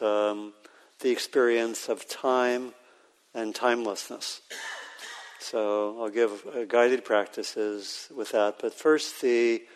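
A man leads a guided meditation session, his medium-pitched voice unhurried and halting, with many pauses and fillers. He speaks to a group in a meditation hall, and the sound carries a long reverb. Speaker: meditation teacher.

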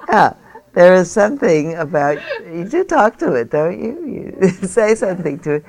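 A woman's voice: fairly low pitch, very animated, moderate pace. A woman meditation teacher leading a group dharma discussion, encouraging and chatty with rambling asides. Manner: warm, encouraging, laughs easily, rambling asides.

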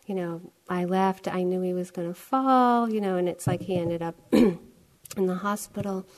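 Older woman telling a story. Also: fairly low pitch. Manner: animated, laughing often while telling the story. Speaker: meditation teacher. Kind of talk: dharma talk, personal storytelling.

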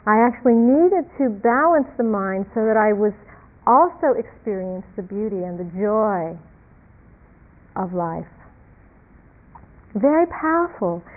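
A woman meditation teacher giving a reflective dharma talk, halting and repeating words, with soft laughs. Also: medium pitch. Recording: tinny phone-like lo-fi sound.

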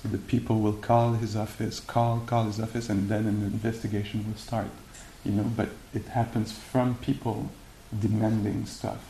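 A man giving a meditation talk and answering questions, speaking haltingly with many fillers and restarts. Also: fairly low pitch, little pitch movement, dark tone. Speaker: meditation teacher. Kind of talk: dharma talk and Q&A. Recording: echoey room with faint hiss.

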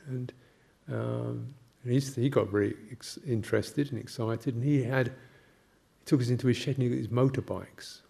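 An older Buddhist monk gives a gentle, halting, reflective talk, sharing anecdotes and laughing softly. His mid-range voice holds a steady tone, with vocal fry and a breathy edge.

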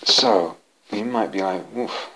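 A man's voice: fairly low pitch, measured pace, vocal fry, fairly bright tone, low-quality recording. A man giving a dharma talk to a retreat group, searching for words, repeating key words and often restarting his sentences. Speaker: meditation teacher. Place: retreat center meditation hall.

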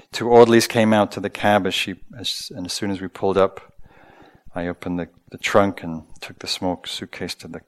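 Deep-voiced man giving a gentle dharma talk. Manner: slow, gentle, reflective with hesitations. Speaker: meditation teacher.

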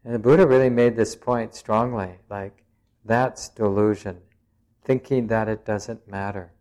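A man, a meditation teacher, giving a dharma talk in reflective, searching phrases with frequent pauses and touches of gentle humour. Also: on the low side, fairly even intonation. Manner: plain-spoken and gently humorous.

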